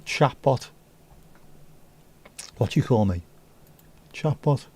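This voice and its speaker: A man's voice: mid-range voice, animated, slow, mellow, slightly rough. A middle-aged man, hosting a livestream and rambling casually while reading out viewer comments. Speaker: livestream host. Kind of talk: casual chat.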